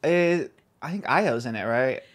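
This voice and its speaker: A woman's voice: extremely low pitch, lively intonation, a little slow. A woman co-hosting a podcast, chatting casually and laughing along in a laid-back way. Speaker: podcast co-host. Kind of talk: casual chat. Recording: loud background noise.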